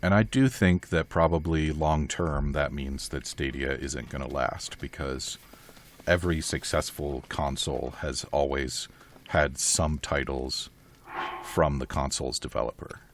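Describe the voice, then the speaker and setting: A man's voice: extremely low pitch, steady tone, unhurried, a little hiss or hum. A man playing a video game and chatting casually in a dry, matter-of-fact way. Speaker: let's play player. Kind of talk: casual gaming chat. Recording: music in background.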